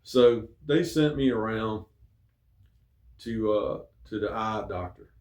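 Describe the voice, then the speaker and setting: A man's voice: lowish voice, slow pace, darkish tone. A middle-aged man, host of his own show, telling a rambling personal story in a folksy, casual way with many fillers. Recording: echoey room.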